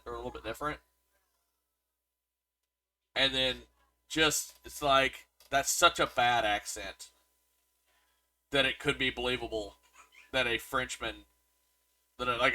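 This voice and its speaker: A man's voice: mid-range voice, moderate pace, pauses often, bright, forceful tone. A man co-hosting a podcast, chatting casually about a movie and reading reviews aloud, with lots of restarts. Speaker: podcast co-host.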